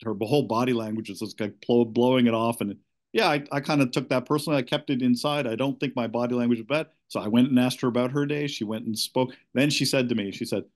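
A middle-aged man seeking coaching, giving a candid, halting account of his marriage with many restarts. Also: mid-range voice.

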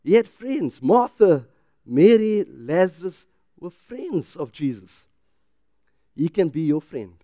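A middle-aged man, a pastor who preaches with loud, emphatic rises and then drops into a quiet, personal telling. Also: sits high, big pitch swings, slow, dry recording. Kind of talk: sermon.

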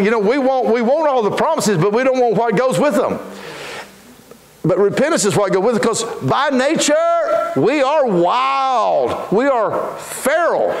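A man preaching a sermon in a church, folksy and fervent, telling homely stories. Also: extremely high pitch. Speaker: pastor. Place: church sanctuary. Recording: echoey church room.

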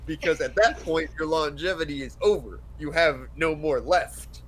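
A man's voice: a little high, moderate pace, low-quality recording. A young man in casual group chat, joking and swearing, slightly drunk and mock-lecturing his friends.

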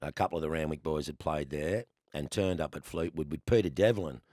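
An Australian man in his sixties, a guest telling lively stories in a casual chat, laughing often. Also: very deep voice, brisk, dry recording, clean studio sound. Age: 60s. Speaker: guest, former cricketer.

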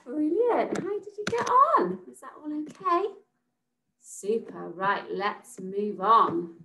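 Woman from England, infant teacher, slow and sing-song, sounds out letters for little ones, encouraging. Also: fairly high pitch, lively intonation, background noise. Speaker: reception class teacher. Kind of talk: recorded phonics lesson for young children.

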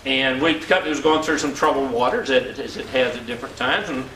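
A man in his sixties gives an earnest motivational business seminar, repeating words for emphasis in a quick, mid-range, somewhat bright voice. The mic is far off in an echoey hall, with faint ambient noise.

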